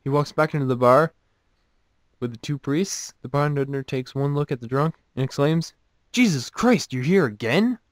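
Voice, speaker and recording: A man reads one joke after another in a relaxed, offhand way, then undercuts each with dry, mocking remarks of his own. His voice sits at an ordinary mid pitch, and the recording is close and dead, with no room sound around him. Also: moderate pace, dry recording. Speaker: host reading jokes. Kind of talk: casual joke reading with commentary.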